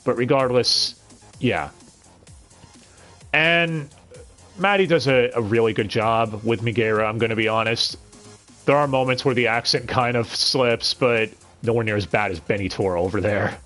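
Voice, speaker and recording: A man's voice: mid-range voice, normal speed, fairly bright tone, soft background music. A man reviewing an anime dub on a live stream, talking casually with frequent stammered restarts and blunt, profane sarcasm.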